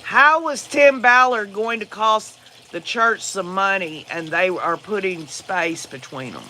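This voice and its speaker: A man's voice: high-pitched, a little slow, pushed and bright. A man with a Southern US accent hosting a casual livestream, answering viewer comments in a rambling, opinionated way. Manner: rambling and opinionated, with frequent fillers. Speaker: livestream host.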